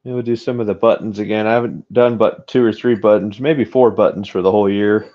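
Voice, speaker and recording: A man's voice: fairly low pitch, fairly even intonation, a little fast. A man live-streaming while casting metal, talking to his chat, frustrated and joking at his own expense. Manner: frustrated, self-deprecating, talks to chat. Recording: dull lo-fi sound.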